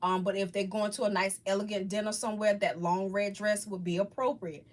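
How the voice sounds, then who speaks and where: A woman hosting a casual live chat with viewers, talking about faith in a halting, rambling, heartfelt way. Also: mid-range voice, little pitch movement. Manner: halting, rambling, restarts often. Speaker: livestream host chatting with viewers.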